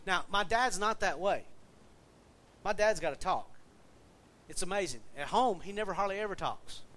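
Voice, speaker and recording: A man's voice: high-pitched, lively intonation, moderate pace, bright, forceful tone. Conversational man preaching a sermon. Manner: conversational, asks the congregation questions. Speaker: pastor.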